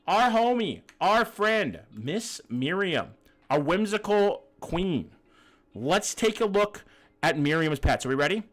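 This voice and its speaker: A male streamer with a highish, somewhat bright voice chats loosely on a livestream, joking and swearing a lot as he reacts to viewers' pet photos. Faint music plays behind him.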